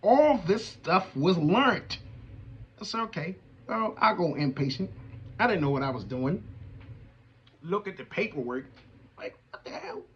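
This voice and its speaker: A middle-aged man giving an animated, emphatic personal testimony to an audience in casual vernacular. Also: high-pitched, a little slow, long pauses, muffled recording, slight background noise. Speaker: veterans' advocate hosting a show.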